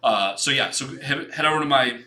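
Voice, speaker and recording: Bright-voiced man rambling on a livestream. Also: medium pitch, brisk. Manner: rambling and frank, with many restarts and casual swearing. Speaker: design livestream host reviewing portfolios. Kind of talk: casual livestream commentary.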